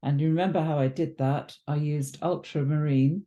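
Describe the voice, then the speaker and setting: Mellow-voiced woman teaching watercolour. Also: deep voice, fairly even intonation, normal speed, dull audio. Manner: chatty, thinks aloud with ums and self-corrections. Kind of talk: relaxed painting demonstration.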